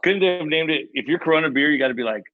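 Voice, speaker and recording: A man's voice: fairly high pitch, very fast, phone-quality sound. A man co-hosting a casual chat over a video call, joking around and laughing easily. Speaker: co-host.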